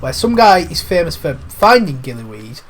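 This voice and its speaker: A man's voice: fairly high pitch, very animated, moderate pace. Gamer guy with a cold, chatty and cheeky, voice bouncing all over, faint hum. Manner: cheeky, rambling, swears lightly. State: has a cold. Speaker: gaming commentator. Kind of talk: casual let's-play commentary.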